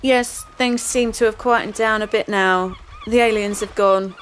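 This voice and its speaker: A woman playing a deadpan police officer, then a dry midwife, in a comedy sketch. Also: medium pitch, a little slow, slight background noise, natural voice, low-quality recording. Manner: deadpan matter-of-fact reporting. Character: deadpan female reporter-constable on patrol.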